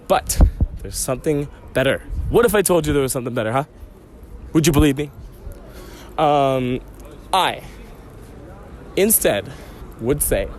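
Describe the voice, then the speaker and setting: A fairly high-voiced man chats to himself in a loose, joking way as he walks through city streets. Faint traffic and street noise sit behind him. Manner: playful, joking self-talk with digressions. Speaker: podcast host. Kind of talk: rambling solo podcast while walking. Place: outdoors on city streets by canals.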